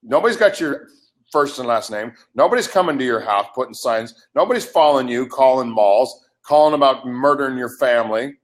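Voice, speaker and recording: A man's voice: mid-range voice, lively intonation, a little fast. An older man in a heated live webcast argument, ranting in an agitated, profane way. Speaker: livestream participant.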